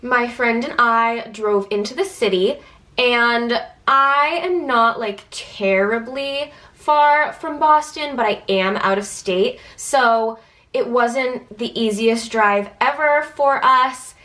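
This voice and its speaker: A woman's voice: fairly high pitch, takes it slowly, bright, forceful tone. A young woman with a stuffy nose, telling a casual vlog story in a chatty, anxious way, full of "like" fillers. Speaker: vlogger.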